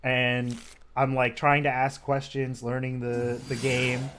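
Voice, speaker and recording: A man's voice: medium pitch, monotone, takes it slowly, fairly bright tone, a little hiss or hum. A man commentating on a card game match, talking casually and rambling through stories with lots of filler words. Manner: rambling, filler-heavy storytelling.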